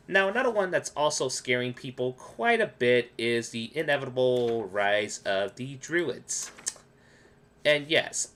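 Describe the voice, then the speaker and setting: A man talks through card game strategy in a loose, rambling way, often acting out what other players might say. His pitch swings widely from line to line. His tone is bright and forward. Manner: explanatory, rambling with restarts and quoted asides. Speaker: gaming video creator. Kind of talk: casual gameplay tips commentary.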